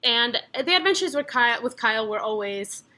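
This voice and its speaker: Young woman, podcast guest, high bright voice, animated storyteller who laughs a lot. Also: brisk. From San Antonio, Texas. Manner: animated, laughing, heavy use of "like". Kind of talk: casual storytelling.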